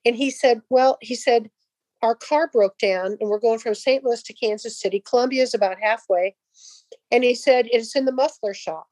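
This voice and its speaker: Animated middle-aged woman telling a story. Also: fairly high pitch, no room sound. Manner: animated, acts out dialogue in voices. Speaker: guest telling a faith story. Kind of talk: casual storytelling.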